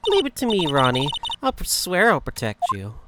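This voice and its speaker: A man's voice: a little high, wildly swooping pitch, moderate pace, heavy background noise. A man voicing a doting, flirty woman with French affectations, sweet and sing-song, over game music.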